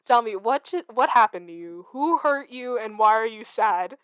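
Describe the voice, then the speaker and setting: A woman streaming a story game, chatting casually, excitable and giggly, teasing herself. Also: fairly high pitch, normal speed, clean tone, dry recording. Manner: excitable, giggly, self-mocking. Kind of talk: casual game let's-play commentary.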